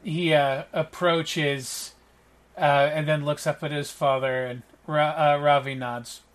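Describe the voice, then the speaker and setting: A man's voice: on the high side, steady tone, slow. A man narrating a tabletop game as game master, chatty and full of fillers. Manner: chatty with many fillers and restarts.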